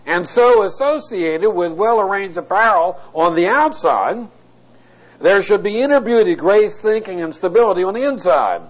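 A man's voice: high-pitched, lively intonation, moderate pace. A middle-aged man preaching an expository sermon, teaching word by word and breaking in with wry, blunt asides. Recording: dull lo-fi tape recording.

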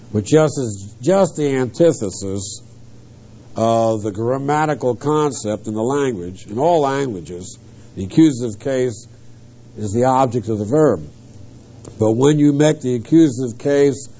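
A man teaches an expository sermon, stressing each Greek word and grammar point with emphasis. His voice sits a little high but sounds mellow and soft-edged. The recording is muffled and lo-fi, like an old tape. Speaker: preacher.

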